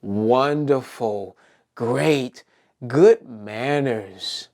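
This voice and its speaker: Very slow, low, lively woman teacher. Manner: sing-song, coaxing, asks children questions. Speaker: preschool circle time teacher. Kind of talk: children's circle-time lesson.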